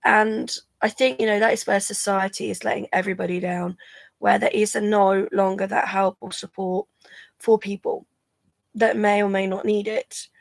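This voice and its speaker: A woman's voice: mid-range voice, level tone, moderate pace, creaky, dry recording. A drowsy woman chatting casually on a live stream, rambling and yawning between thoughts. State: drowsy from medication. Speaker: vlogger going live.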